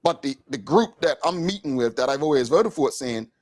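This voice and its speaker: Emphatic, animated male talk show host. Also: mid-range voice, brisk. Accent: Bermudian. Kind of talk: casual studio talk. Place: studio.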